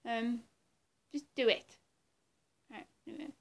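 A woman's voice: a little high, animated, takes it slowly, pauses often. A woman vlogger chatting casually to her viewers, rambling and giggly and trailing off into murmurs, with a throat infection. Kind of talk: casual vlog chat.

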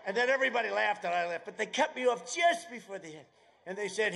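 A man giving a political rally speech outdoors at an airfield. He rambles, drifts into sarcastic asides, and bursts into shouting. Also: high voice, animated, quick pace, vocal fry. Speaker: campaign speaker.

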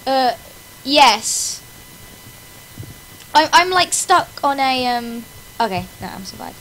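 A woman's voice: high-pitched, expressive, takes it slowly, a bit bright, slight background noise, low-quality recording. A woman hosting her gaming channel in casual gameplay commentary, melodramatically complaining about her failures with wails and laughter.

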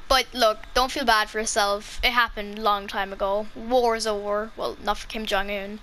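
A woman's voice: mid-range voice, fairly even intonation, moderate pace, hardly any pauses, bright, forceful tone. A young woman from Ireland with an Irish accent, chatting casually as a kids YouTuber, rambling and giggling with lots of ums. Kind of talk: casual vlog talk.

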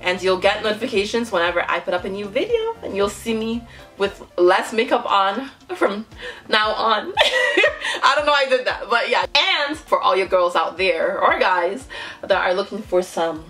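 A woman's voice: mid-range voice, expressive, normal speed, fairly bright tone, soft background music. A woman hosting a casual reaction vlog, chatty and gushing, laughing often as she talks to her viewers. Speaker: reaction YouTuber.

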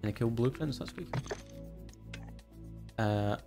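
A man's voice: mid-range voice, measured pace, over music. A young man hosting a casual gameplay livestream, chatty, swearing freely and thanking viewers. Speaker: streamer and host.

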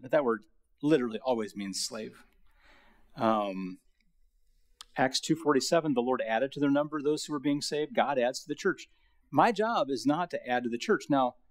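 A middle-aged man giving a Bible lecture to a college audience, talking in a casual, storytelling way with many fillers. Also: medium pitch. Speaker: guest lecturer.

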